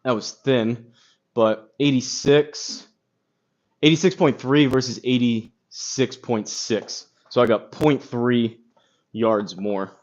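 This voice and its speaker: Slow and a little mellow, a man with a mid-range voice chats casually on a golf live stream, rambling with lots of fillers and reading chat comments aloud. He's recorded on a phone, and the audio is slightly dull and crackly.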